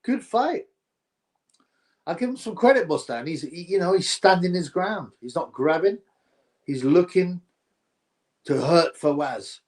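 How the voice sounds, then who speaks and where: A man hosting a live stream, chatting to viewers and reacting excitably to a fight. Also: high-pitched, unhurried, pauses often. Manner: chatty, excitable, slangy, talks to chat viewers.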